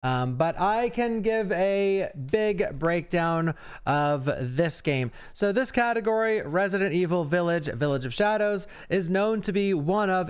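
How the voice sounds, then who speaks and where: Young male streamer, casual reaction commentary, smooth clear voice, slightly higher pitch, chatty with fillers. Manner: chatty, fast asides, frequent fillers.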